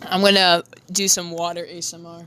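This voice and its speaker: A young woman livestreaming while she draws, chatting casually, reading chat aloud and giggling, with sudden high squeals. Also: level tone, a little fast, pushed and bright, a little hiss or hum.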